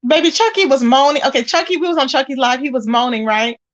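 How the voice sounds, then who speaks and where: A woman's voice: high-pitched, fast, muffled recording. A woman hosting a casual gossip livestream. She talks emphatically and greets her viewers by name as she chats. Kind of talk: casual live-stream chat.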